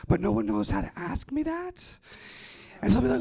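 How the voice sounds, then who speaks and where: A man doing a stand-up set on a festival stage, with a raspy, gravelly voice and a dry, self-deprecating delivery. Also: sits high, big pitch swings, fairly quick, warm tone. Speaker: stand-up comedian.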